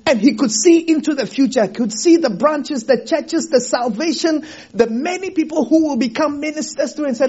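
A man preaching a sermon in a theater, animated, laughing often and asking the congregation rhetorical questions. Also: very high voice, normal speed, lo-fi sound. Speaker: pastor. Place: theater used for a church service.

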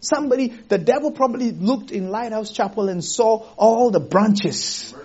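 Animated, high-voiced preacher with a husky tone. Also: male voice, moderate pace, lo-fi sound. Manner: animated, laughs often, rhetorical questions to the congregation. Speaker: pastor. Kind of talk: sermon. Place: theater used for a church service.

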